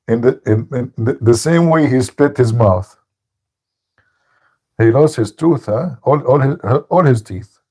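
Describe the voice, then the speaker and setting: Gravelly guy ranting and mocking on a live stream, husky voice, broken english. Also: mid-range voice, warm tone. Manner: mocking, taunting, laughs at own jokes, broken English. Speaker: host of a live call-in stream. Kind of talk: combative monologue.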